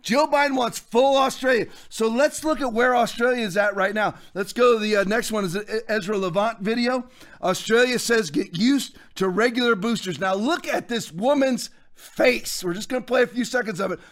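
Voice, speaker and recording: A man hosting a political commentary podcast, fiery and preacher-like, often breaking into shouts. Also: extremely high pitch, moderate pace. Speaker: podcast host.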